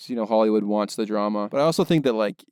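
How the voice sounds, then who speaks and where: A man's voice: lowish voice, fast, darkish tone, clean tone, no room sound, clean studio sound. A young man co-hosting a casual film podcast, rambling with lots of fillers and restarts. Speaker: podcast co-host, filmmaker.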